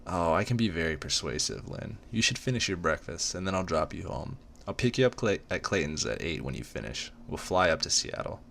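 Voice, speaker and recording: A man voicing a brooding, controlling rich young man in an amateur dramatic reading, speaking in a low, hushed, smooth way. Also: animated, a little fast, few pauses, a little hiss or hum, full character voice.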